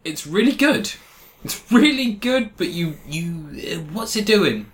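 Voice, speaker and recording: A man's voice: high voice, big pitch swings, a little slow, fairly bright tone. Jokey man rambling. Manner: rambling, jokey, laughs often, swears. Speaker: podcast co-host. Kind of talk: casual chat.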